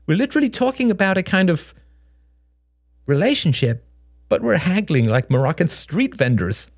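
A man voicing a sharp, frank young woman in an audiobook, talking quickly with wry bluntness. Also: high-pitched, big pitch swings, no echo, studio quality, pitched above the performer's own voice, full character voice. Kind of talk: audiobook character voice.

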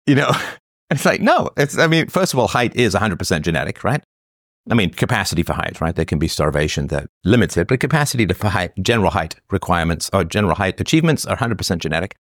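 A man hosting a solo show, arguing his point in animated, sarcastic commentary with laughing asides. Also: sits low, fast, no echo, clean studio sound. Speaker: host.

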